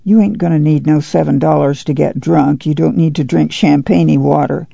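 A plain-spoken farm father speaks in curt rural dialect, read by a man in close to his own voice. The tone is gravelly and dark. The audio is dull and dry. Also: a little high, steady tone, moderate pace, no echo. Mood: gruff.

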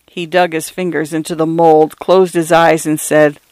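A man narrating a story in a measured, dramatic way, sometimes turning to speak to the listener directly. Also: a little high, level tone, darkish tone, clear, resonant tone, dry recording.

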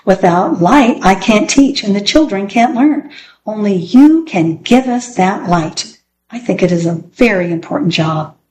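A woman's voice: mid-range voice, expressive, measured pace, a little mellow, a little hiss or hum, lightly acted. A woman voicing a firm, matter-of-fact female schoolteacher who lectures without hurry.

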